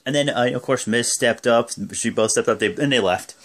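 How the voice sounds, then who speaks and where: A man's voice: medium pitch, moderate pace, hardly any pauses, fairly bright tone. A young man casually recapping a wrestling show, rambling through the action with lots of fillers and bursts of acted-out quotes. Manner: rambling play-by-play with many fillers, acting out quotes.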